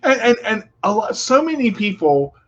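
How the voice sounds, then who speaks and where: A man's voice: sits high, big pitch swings, moderate pace, dull audio. A man hosting a radio talk show, telling stories with many stammered restarts and dry jokes. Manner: stammering restarts, joking storyteller. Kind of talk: casual conversation.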